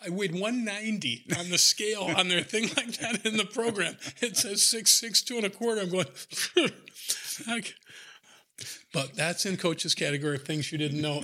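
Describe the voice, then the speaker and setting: A man's voice: sits high, normal speed, pushed and bright. An older man, a former coach, telling stories casually, acting out the people he quotes and laughing often. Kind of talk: casual storytelling.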